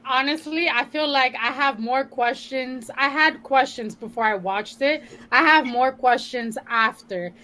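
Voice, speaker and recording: Woman on a podcast with a high, bright voice, speaking bluntly and frankly and swearing without hesitation. She talks in an easy, casual way. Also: unhurried, hardly any pauses, low-quality recording. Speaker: podcast co-host. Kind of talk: casual chat.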